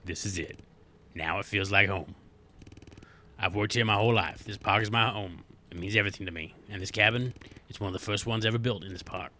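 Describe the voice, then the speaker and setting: An earnest old park ranger tells his tale with strange stress on single words and theatrical pauses, as a man reads him aloud from a game. The tone is bright and sharp-edged, with a touch of background noise. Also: fairly low pitch. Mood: grave. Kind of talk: reading game dialogue aloud.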